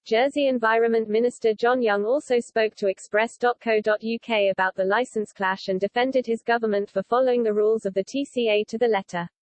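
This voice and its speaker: A woman's voice: on the high side, brisk, few pauses, no echo. Woman reading news, dry close sound. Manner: steady, even reading of a written article. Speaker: news narrator. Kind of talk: scripted news narration.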